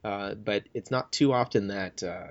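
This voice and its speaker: A man's voice: lowish voice, normal speed, dry recording, highs cut off. A man co-hosting a podcast, casually telling a news story and laughing along with his co-host. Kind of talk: casual chat.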